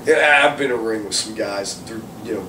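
A male wrestler chatting casually in an interview, animated and swearing freely. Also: lowish voice, brisk. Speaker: professional wrestler guest. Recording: roomy, distant mic with background noise.

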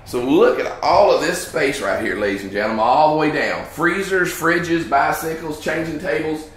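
A man giving an excited, salesy walkthrough tour of a house, exclaiming over its features as he moves from room to room. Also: a little high, normal speed. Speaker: home salesman. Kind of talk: enthusiastic home walkthrough tour. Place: inside an empty house, room to room. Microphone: handheld 360 camera. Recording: echoey empty rooms, faint noise.

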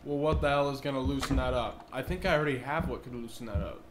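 A man hosting a horror game video, cursing, shouting at the game and talking back to its characters. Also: mid-range voice, fast, background noise. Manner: profane, loud and reactive, talks back to the game. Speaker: gaming video host. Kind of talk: horror game reaction commentary.

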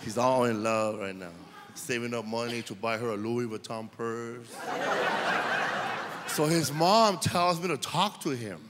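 A man doing a slow, deadpan stand-up set on stage. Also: mid-range voice, noisy background. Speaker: stand-up comedian. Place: theater stage before a loud audience. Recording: live theater with reverb and loud crowd.

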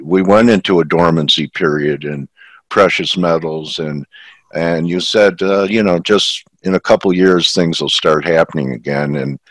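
Chatty male interview host, low voice, dry close recording. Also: no room sound, rough recording. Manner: chatty, reminiscing. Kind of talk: casual interview.

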